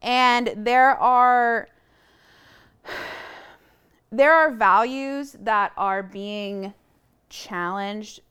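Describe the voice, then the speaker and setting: Earnest woman, smooth clear voice. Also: on the high side, very slow, pauses often, a bit bright. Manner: earnest, searching for words. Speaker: podcast guest. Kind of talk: casual conversation. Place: room shared with host. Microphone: lapel mic.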